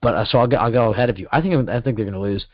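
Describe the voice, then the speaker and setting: A man's voice: mid-range voice, no echo. A man co-hosting a casual sports podcast, rambling and correcting himself as he talks. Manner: rambling, self-correcting, quick bursts. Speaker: podcast co-host. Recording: dull lo-fi sound.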